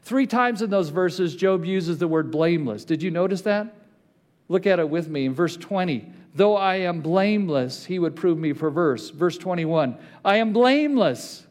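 A male pastor with a high, bright-toned voice delivers a sermon. He reads scripture aloud with building intensity and draws out key phrases slowly for weight.

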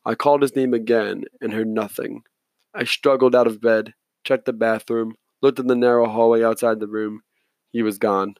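Guy reading a novel chapter, calm measured first-person telling, mid voice, dry close mic. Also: medium pitch, no echo. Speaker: audiobook narrator. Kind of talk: scripted first-person narration.

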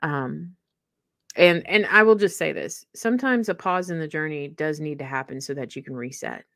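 A woman's voice: sits low, normal speed, no echo, clean studio sound. A middle-aged woman co-hosting a faith podcast, chatting animatedly and laughing often. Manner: animated, laughs often, acts out quoted voices. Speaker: podcast co-host. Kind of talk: casual chat.

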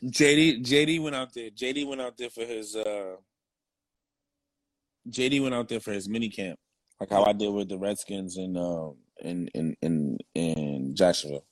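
A man's voice: on the low side, moderate pace, dry recording. A young man, a former football player, telling his story in casual, slang-heavy, profane talk.

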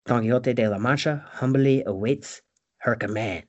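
A man's voice: medium pitch, normal speed, lo-fi sound, natural voice. A man voicing a deluded, pompous old knight who gives grand, profane commands. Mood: grandiose.

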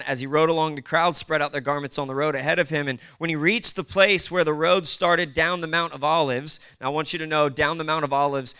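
Bright, clear-voiced preacher man. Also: fairly high pitch. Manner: casual, conversational preaching with asides. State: short on sleep. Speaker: pastor. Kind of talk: sermon.

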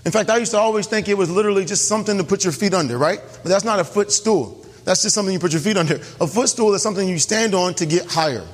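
A man with a high, husky voice delivers an emphatic sermon, often checking in with his listeners. His words ring out with the long reverb of a church hall. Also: quick pace, few pauses. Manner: emphatic, keeps asking the congregation questions. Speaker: pastor.

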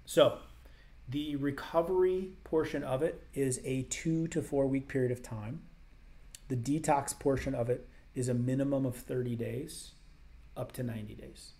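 A man's voice: medium pitch, steady tone, normal speed, dark tone. A man hosting a health question-and-answer show, his voice sitting in an ordinary middle range. He explains things conversationally, circling back to stress his main points. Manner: conversational, explanatory, emphatic repetition. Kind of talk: casual Q&A.

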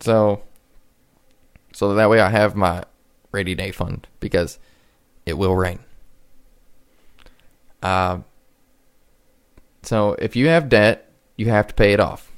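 A man's voice: fairly low pitch, slow pace, pauses often, smooth. A man in his twenties hosting a solo podcast, talking casually and rambling with frequent restarts. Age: 20s. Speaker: podcast host.

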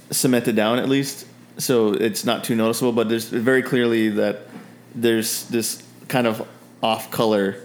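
A man running a tabletop game, describing the scene with loose, rambling narration. His voice sits low, with faint noise behind. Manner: rambling narration with many fillers and restarts. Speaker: game master.

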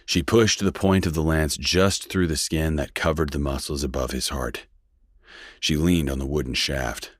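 A man narrating a western story in a steady, measured reading. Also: extremely low pitch, slightly rough, no echo, clean studio sound. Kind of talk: scripted audiobook narration.

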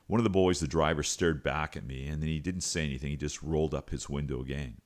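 A middle-aged man with a strikingly deep, low voice tells a story on his podcast. He talks in a relaxed, conversational way, pausing for fillers and restarting his sentences as he goes. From Canada. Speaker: podcast host and coach. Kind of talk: storytelling monologue.

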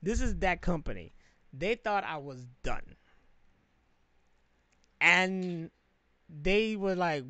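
Male co-host, high and bright, animated storyteller, swears freely. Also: slow pace, long pauses, no echo. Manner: animated, profane, laughs a lot. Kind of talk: casual chat, storytelling.

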